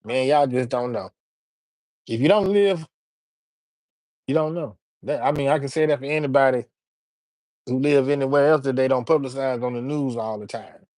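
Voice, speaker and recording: A man talks casually on a livestream, reading chat and tossing out shout-outs. His delivery is laid-back and full of slang, at an ordinary pitch. The sound is close and dry. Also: normal speed, long pauses, no room sound.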